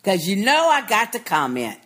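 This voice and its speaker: Blunt loud-mouthed woman podcaster, voice jumps all over the place. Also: medium pitch, normal speed. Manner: blunt, profane, animated and emphatic. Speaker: podcast co-host. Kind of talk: casual TV recap chat.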